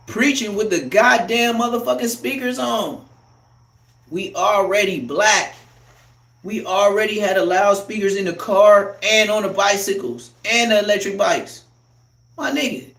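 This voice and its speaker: A man doing a loud, profane, heated comic rant as a live streamer, recorded in an echoey room. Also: high-pitched, recorded from a distance.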